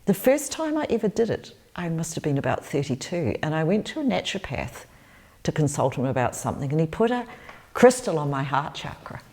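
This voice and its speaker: A woman's voice: low-pitched, very animated, brisk, a little mellow. A New Zealand woman, in her sixties, answering interview questions as a spiritual teacher, telling stories earnestly and repeating phrases.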